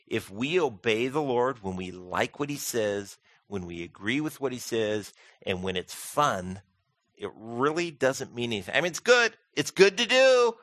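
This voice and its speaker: A man preaching a sermon as pastor, animated and humorous, acting out quoted voices. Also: mid-range voice, measured pace, no room sound.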